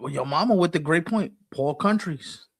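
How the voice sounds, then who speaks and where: A man co-hosting a casual sports podcast, animated and acting out quoted people as he talks. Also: a little high, normal speed, breathy edge. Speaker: podcast co-host.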